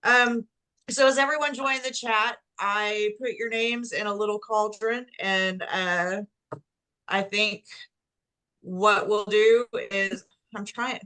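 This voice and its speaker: A woman hosts a casual video chat. Her voice is bright and her pace slow. She laughs often and admits she is emotional. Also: mid-range voice. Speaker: host of the gathering. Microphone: video call.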